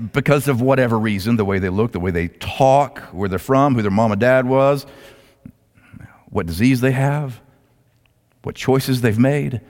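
Animated preacher man with big pitch swings. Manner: dramatic storyteller, swings between loud and hushed. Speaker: pastor. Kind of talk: sermon. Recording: long hall reverb.

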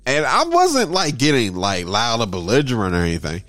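A man's voice: medium pitch, normal speed, dry recording, faint music behind. A man telling a story in casual chat, acting out everyone he quotes. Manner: animated, acts out everyone in the story.

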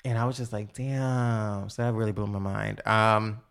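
A young man from New York in a casual podcast chat, telling animated stories with lots of "like" fillers. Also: lowish voice, normal speed, creaky, clean tone. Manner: animated storytelling with many "like" fillers. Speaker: guest.

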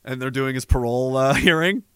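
A man's voice: medium pitch, a little fast, smooth, no echo, studio quality. A middle-aged man from Canada hosting a podcast in casual ranting commentary, sarcastic, profane and mocking, reading out listener messages.

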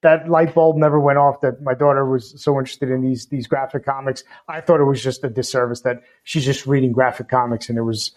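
A man's voice: mid-range voice, steady tone, fairly quick, few pauses, a little mellow. A man co-hosting a podcast, reflecting appreciatively on his daughter's reading. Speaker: podcast co-host. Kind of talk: casual podcast chat.

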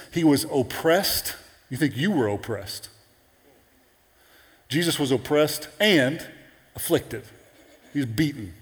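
A man preaching a sermon in an animated, conversational way with playful asides. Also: medium pitch, long reverb tail.

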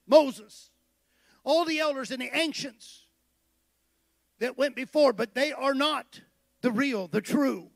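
A man's voice: very high-pitched, gravelly, no echo. A man preaching a sermon in a conversational way that builds to emphatic declarations. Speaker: pastor.

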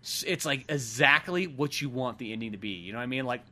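Bright-voiced man, casual profane chat. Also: medium pitch, fast. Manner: profane, rambling, laughing. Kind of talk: casual chat about a film.

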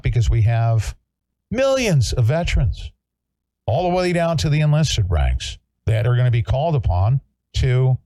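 A man's voice: mid-range voice, a little mellow, dry recording. A man hosting a political talk show, speaking emphatically and repeating himself to rally his listeners.

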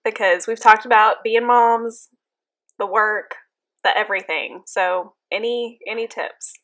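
A woman's voice: medium pitch, steady tone, measured pace, fairly bright tone. A woman co-hosting a podcast, asking a guest questions in a friendly, casual way.

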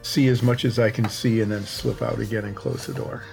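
A man playing a tabletop game, calmly describing what his character does. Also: fairly low pitch, creaky, soft background music. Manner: deliberate, describing his moves. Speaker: player. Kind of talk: casual tabletop play.

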